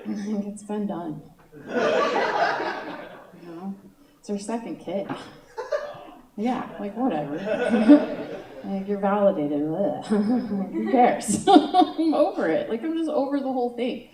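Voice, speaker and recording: A woman's voice: medium pitch, takes it slowly, long pauses, heavy background noise. A woman doing a stand-up comedy set, chatty and self-mocking, full of "you know" asides. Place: comedy stage in a room. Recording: roomy sound from far off.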